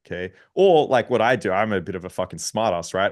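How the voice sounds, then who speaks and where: A man with a fairly low voice talks through his approach on a dating coach panel. He swears freely and slips into acted-out quotes of what he says to women. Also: quick pace, hardly any pauses, no room sound, studio quality. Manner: profane, animated, acts out quotes. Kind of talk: casual panel discussion.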